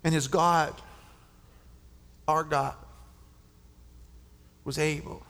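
A man preaching a sermon at a men's conference, impassioned, often stammering and restarting, and dropping to a hushed whisper for effect. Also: on the high side, little pitch movement, very slow. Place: large conference hall. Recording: long reverb of a large hall.

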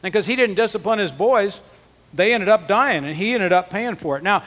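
A high, bright male voice preaching in an earnest, conversational way. He talks straight to the men in the room, and the sound rings with a long hall echo. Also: animated, normal speed. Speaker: conference speaker. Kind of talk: sermon teaching.

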